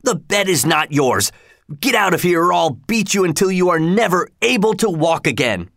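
A man's voice: on the high side, big pitch swings, slow pace, no echo, clean studio sound, voice pushed up, heavily acted. A man voicing an angry, drunken male forester in a storybook reading, mocking then threatening.

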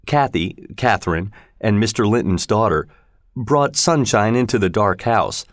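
A man narrating a storybook in a slow, measured reading style. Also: lowish voice, no echo, studio quality.

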